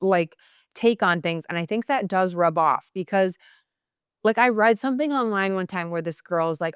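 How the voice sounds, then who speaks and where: A woman's voice: medium pitch, clean tone, dry recording, studio quality. A young woman hosting a podcast, chatting casually and passionately with lots of fillers. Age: young adult. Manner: chatty, passionate, fast-talking with many fillers. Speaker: podcast host. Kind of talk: casual chat.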